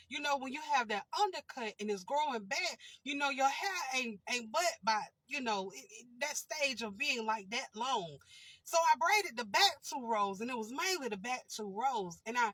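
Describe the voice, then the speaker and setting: A woman's voice: a little high, expressive, normal speed, a bit bright, no echo, low-quality recording. Giggly woman telling a funny story. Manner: giggly, keeps fighting back laughter; chatty, repeats and restarts. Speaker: vlogger. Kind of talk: casual storytelling.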